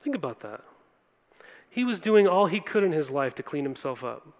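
A man's voice: fairly high pitch, big pitch swings, moderate pace. A young man preaching a sermon earnestly, addressing listeners directly and often checking in with "right?". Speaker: pastor. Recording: long hall reverb.

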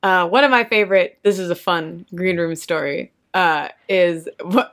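A woman telling a lively convention anecdote in casual chat, laughing often and acting out what people said. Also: lowish voice, normal speed. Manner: animated, laughs often, acts out quotes.

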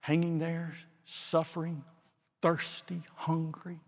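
A man preaching a sermon with slow, dramatic delivery and long pauses, swinging from forceful declarations to hushed, quiet phrases. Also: a little high, completely flat delivery. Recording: long reverb of a large hall.

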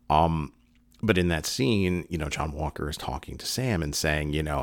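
A man's voice: very deep voice, normal speed, gravelly, no echo. A man talking casually in video commentary, earnest and rambling with many fillers and restarts, sometimes choked up. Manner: emotional, getting choked up.

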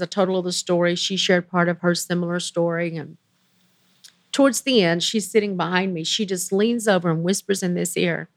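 A woman's voice: mid-range voice, no echo. Earnest older woman telling her story. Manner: earnest, emotional, quotes others in lively voices. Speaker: interview guest. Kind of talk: emotional personal storytelling.

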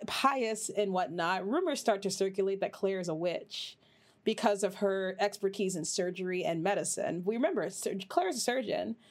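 A woman hosting a podcast, chatting casually and rambling, swearing freely, with her voice jumping up high when she gets worked up. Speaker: podcast host. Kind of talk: casual chat.

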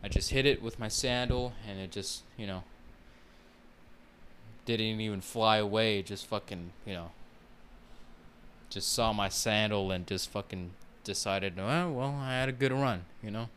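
A man's voice: fairly low pitch, steady tone, a little slow, pauses often, a bit bright, a little hiss or hum. A man hosting his own podcast, ranting casually in a rambling, heavily profane way full of fillers. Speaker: podcast host. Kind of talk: casual solo rant.

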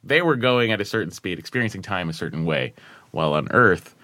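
A man's voice: low-pitched, lively intonation, brisk, sharp tone, no echo, studio quality. A man co-hosting a casual comedic chat, telling stories in an eager, chatty way. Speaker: podcast co-host.

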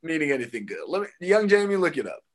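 A man's voice: on the high side, very animated, quick pace. A young man co-hosting a casual chat, laid-back and joking, laughing often. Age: young adult. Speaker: podcast co-host and stand-up comic.

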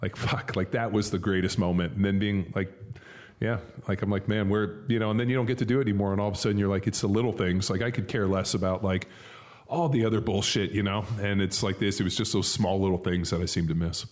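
A man and former football player co-hosting a podcast, telling animated, profane stories in casual chat. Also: on the low side. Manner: fast, profane, animated storytelling.

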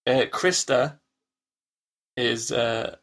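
A man's voice: mid-range voice, steady tone, extremely slow, a bit bright. A man co-hosting a podcast, chatting casually and rambling, often restarting his sentences and acting out the lines he quotes. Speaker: podcast co-host. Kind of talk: casual chat.

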